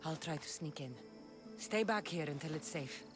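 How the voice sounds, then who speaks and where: An actress playing a calm, dry-witted woman mercenary in a video game. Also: deep voice, moderate pace, lightly acted. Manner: calm, dry, matter-of-fact. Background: game music.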